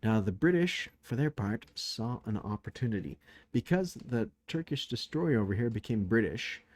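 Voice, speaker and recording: A man's voice: mid-range voice, animated, moderate pace. A man casually recapping a turn of a strategy board game, thinking aloud with many fillers, tired late at night.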